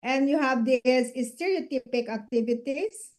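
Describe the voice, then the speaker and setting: A woman lecturer giving a clinical lecture in a measured, explanatory way, checking in with students through short tag questions. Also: high voice, darkish tone. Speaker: medical lecturer.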